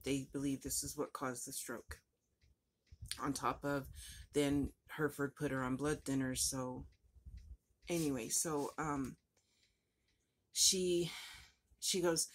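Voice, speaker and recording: A woman's voice: low voice, fairly even intonation, slow, long pauses. A woman telling a personal story in a rambling, emotional way, her voice breaking at times. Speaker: vlogger.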